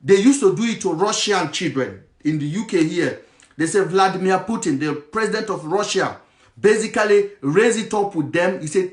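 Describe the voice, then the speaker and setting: A man with a Nigerian accent speaks with heated passion, slipping into Pidgin. His voice sits high for a man. The room around him rings with echo. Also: animated, normal speed. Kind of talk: impassioned monologue.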